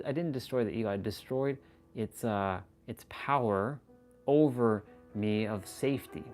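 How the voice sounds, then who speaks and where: A man holds forth on a live stream in an intense, preachy way, with casual swearing. His voice sits at a middle pitch. Faint music plays quietly behind him. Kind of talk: motivational live-stream talk.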